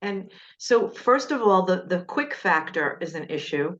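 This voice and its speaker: A woman's voice: fairly low pitch, animated, measured pace, a bit bright. A middle-aged woman teaching a class through rambling personal stories, with frequent restarts. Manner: rambling storyteller, frequent restarts, acts out quoted voices. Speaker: class instructor. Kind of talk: anecdotal teaching talk. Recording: dull lo-fi recording.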